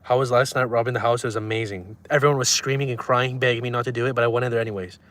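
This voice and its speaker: Young male streamer with a mid-pitched voice, deadpan and trolling, chatting casually with viewers from a car. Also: rapid-fire. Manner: reads chat aloud and answers in a deadpan, trolling way. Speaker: livestreamer. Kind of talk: casual livestream chat.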